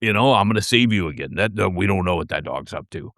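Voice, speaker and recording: A man voicing a smug male house dog who thinks he guards the home, with low, lively speech. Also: fast talker, dry recording, studio quality. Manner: self-satisfied, barking.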